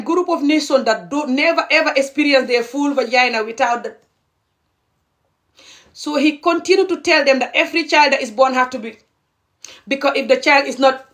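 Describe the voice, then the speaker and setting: Young woman from gambia ranting to camera, kinda high voice, keeps going "okay?". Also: a bit bright. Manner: heated, indignant, repeats "okay?" to press points. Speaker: video creator. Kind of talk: impassioned social commentary to camera.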